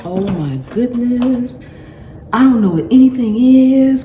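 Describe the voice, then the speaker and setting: A woman's voice: on the high side, big pitch swings, slow pace, dark tone, a little hiss or hum. A middle-aged woman hosting a gardening channel, gushing and laughing through an unboxing, calling her viewers y'all. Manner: exclamatory, laughing, repeats phrases, addresses viewers as y'all. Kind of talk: excited unboxing vlog. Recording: echoey room with clatter.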